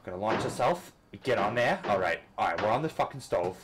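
A man commentating a rage-inducing game, swearing constantly and switching between frustrated outbursts and coaching himself to calm down. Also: fairly low pitch, brisk, slight background noise. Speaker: gamer. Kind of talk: let's play commentary.

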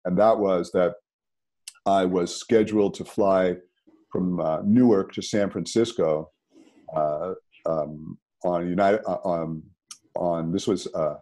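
A man, a podcast guest telling a personal story in a conversational, animated way. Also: low-pitched, takes it slowly. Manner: animated, rises sharply when emphatic.

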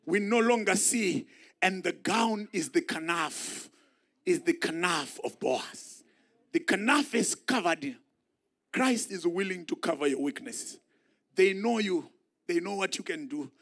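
A man preaching a sermon in a church, moving from quiet musing to shouted climaxes. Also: sits high, expressive, measured pace. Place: church sanctuary.

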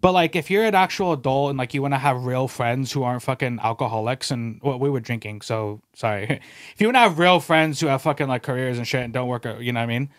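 A man hosting a podcast, telling stories in a casual, animated way, swearing freely and acting out quoted voices. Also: medium pitch, fast, no room sound, studio quality. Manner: animated, profane, peppered with "bro" and "dude". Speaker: podcast host. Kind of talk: casual storytelling chat.

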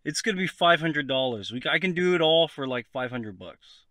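An easygoing male handyman who is always glad to help, as a comedian puts him on. He speaks a mock Mexican Spanish accent and stretches out his broken English slowly, sprinkling in Spanish words. A man does the voice, bright and bouncy, rising and dipping as he goes. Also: fairly high pitch, expressive, no room sound, clean studio sound, voice pushed down. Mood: matter-of-fact. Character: cheerful male handyman friend, laid-back and obliging.

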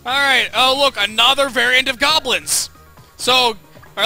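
A man's voice: very high voice, animated, moderate pace, sharp tone, faint music behind. A man streaming a video game with a cold, giggly and playful as he chats with his viewers. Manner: giggly, playful, chatting with chat. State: has a cold. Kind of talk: casual game commentary.

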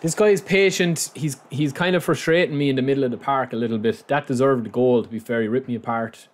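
Young male gamer, casual commentary, loud outbursts at big plays. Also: mid-range voice, quick pace, a little hiss or hum. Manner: excitable, reacting loudly to plays. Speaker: gaming YouTuber.

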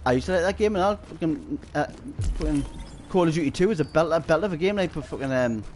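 A man with a Geordie accent chats while streaming a shooter game, rambling from story to story. He swears in nearly every sentence and laughs a lot. His voice sits a bit high, with faint noise behind it. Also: animated, fast, darkish tone. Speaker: gaming streamer.

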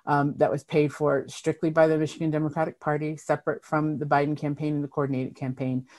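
A woman's voice: low voice, little pitch movement, fast talker, darkish tone. A woman who chairs a state party, answering members' questions on a video call in an earnest, emphatic way, with frequent ums and restarts.

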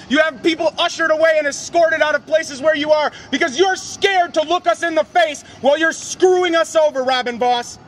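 A man's voice: very high voice, fairly bright tone, a little hiss or hum, rough recording. A worked-up man confronting someone in a building hallway, firing off demanding, repetitive rhetorical questions into a handheld camera. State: agitated, worked up. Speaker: citizen confronting a legislator. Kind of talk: loud confrontational ambush. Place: indoor government building hallway.

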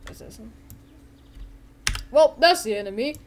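A woman giving excited, giggly commentary on gameplay as host of her own video, breaking into silly character voices. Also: fairly high pitch, measured pace, a little hiss or hum.

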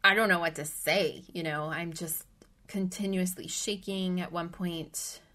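A middle-aged woman from the American Midwest speaks in a voice sitting a bit low for a woman. She retells her story as a podcast guest, animated and vivid, and now and then sinks into a hushed whisper. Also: measured pace. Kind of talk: personal storytelling in an interview.

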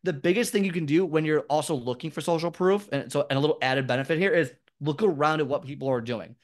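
Fairly high in pitch and quick in pace, this fitness expert chats casually as an interview guest. His storytelling wanders, and he's often self-deprecating.

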